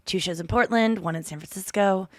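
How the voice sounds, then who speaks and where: A woman's voice: mid-range voice, fairly quick, no room sound, clean studio sound. A woman in her thirties hosting a podcast, chatting casually in a rambling, profane way. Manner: chatty, rambling, swears freely. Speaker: podcast host. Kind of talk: casual chat.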